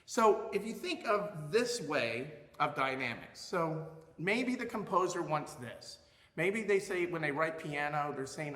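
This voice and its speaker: A man teaching a music lesson, explaining expressively and showing loudness with his own voice. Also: fairly high pitch, lively intonation, measured pace, echoey room, long reverb tail.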